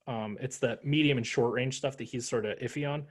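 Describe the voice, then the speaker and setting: A man co-hosting a casual sports podcast, ranting with animated, profane jokes. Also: medium pitch, brisk. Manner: animated, profane, joking rants. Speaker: podcast co-host.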